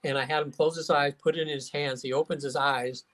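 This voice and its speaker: A man, a hypnotherapist and guest, telling stories in a casual, animated way, acting out quotes with plenty of fillers. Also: fairly high pitch, fairly quick. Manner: animated storyteller, acts out quotes, many fillers. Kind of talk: casual storytelling interview.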